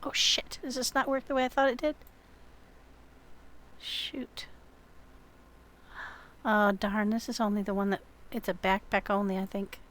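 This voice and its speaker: At a medium pitch and steady tone, this woman talks fast with few pauses while hosting a survival game video. Her commentary is friendly and full of fillers as she chats with another player and addresses her viewers.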